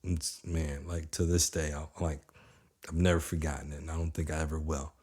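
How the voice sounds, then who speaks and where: A man in his thirties giving an energetic, conversational motivational talk, often checking in with his listeners. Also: a bass voice, fairly quick, slightly rough. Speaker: motivational speaker.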